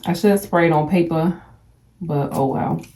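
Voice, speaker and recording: A young woman vlogging a perfume unboxing, gushing and excited, stumbling over brand names. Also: sits low, unhurried. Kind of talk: casual unboxing vlog. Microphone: phone.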